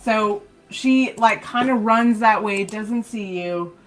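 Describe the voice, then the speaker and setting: Woman DM, unhurried delivery, loose and profane, running a live tabletop session. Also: medium pitch. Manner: casual, swears freely. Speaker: dungeon master. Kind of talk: running a tabletop game on stream.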